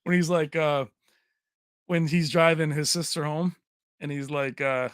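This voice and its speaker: A man's voice: on the high side, steady tone, measured pace, clean tone, no echo, studio quality. A man hosting a livestream in casual chat. He rambles, laughs often and answers viewers by name. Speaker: livestream host.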